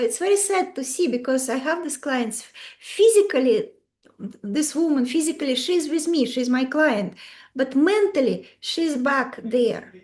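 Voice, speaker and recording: A woman coach teaching a live online class over a video call, speaking emphatically in simple, non-native English phrasing. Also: high-pitched. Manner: animated, emphatic, acts out client quotes in varied voices. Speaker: beauty and mindset coach.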